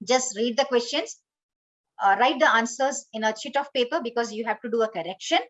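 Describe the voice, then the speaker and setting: A woman's voice: on the high side, brisk, muffled recording. Woman giving an online training. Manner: instructive, repeats okay and you know. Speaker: corporate trainer.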